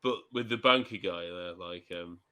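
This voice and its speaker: A man chatting casually about a film on a podcast, enthusiastic and animated. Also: low-pitched, normal speed, clean tone. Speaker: podcast guest.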